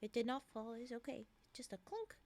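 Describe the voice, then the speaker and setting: A woman's voice: on the high side, expressive, a little fast, a little mellow. A young woman streamer reading horror stories aloud, with chatty asides and laughter. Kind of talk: reading aloud with casual commentary.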